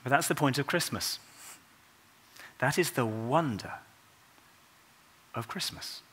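A man preaching a Christmas sermon in a church, earnest and unhurried, dropping to a soft, quiet voice for tender passages. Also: medium pitch, husky.

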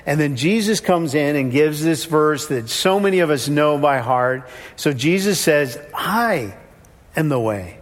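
A man's voice: a little high, measured pace. A pastor delivering a sermon in a conversational way, now and then acting out the people he quotes. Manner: conversational, acts out quoted voices. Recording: long hall reverb.

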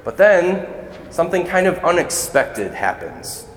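A man's voice: high-pitched, sing-song, a little slow, slight background noise. A man serving as a deacon, giving a conversational, earnest sermon in a church. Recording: echoey church hall.

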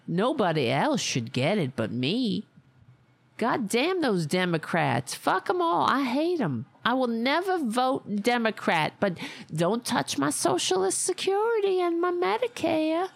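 A woman's voice: a little high, vocal fry, exaggerated voice. A woman voicing a smug, self-satisfied older conservative woman in pearls who grumbles about her benefits.

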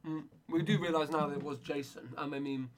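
A man co-hosting a comedy podcast, telling a rambling story and jumping into loud, sweary voices for the people in it. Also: on the high side, fairly even intonation, fairly quick, a little hiss or hum. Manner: rambling, plays characters in loud swearing bursts. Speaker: podcast co-host. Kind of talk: comic storytelling.

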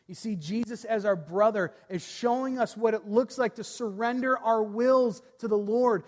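A man pastor preaching a sermon earnestly, reading scripture aloud and letting his phrase ends fall soft. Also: extremely high pitch, normal speed, few pauses, in a large hall.

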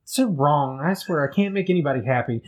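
A man's voice: fairly high pitch, expressive, fairly quick, poor audio. A man co-hosting a casual podcast, reading out folklore news and breaking in with joking asides. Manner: jokey, riffs and interrupts with asides. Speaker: guest co-host.

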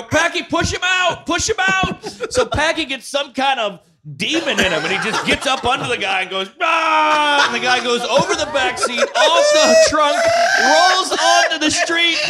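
A man's voice: very high voice, very noisy. A man hosting a podcast, telling a comic story with lots of energy and acting out screams along the way. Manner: loud excitable storyteller who acts out screams. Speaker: podcast host. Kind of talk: animated comedic storytelling. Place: on-the-road recording with guests.

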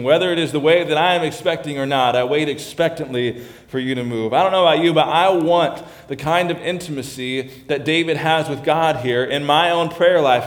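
A man preaching a sermon as pastor, talking earnestly and often restarting and repeating his phrases. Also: fairly high pitch. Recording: roomy echo.

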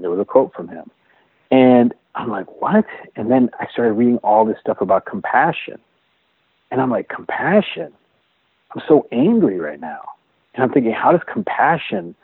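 A man with a somewhat low voice, sharing a personal story in an interview. He talks earnestly and haltingly, with frequent restarts and repeated words. The sound is dry and narrow, like a phone line. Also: husky, no room sound. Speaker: interview guest.

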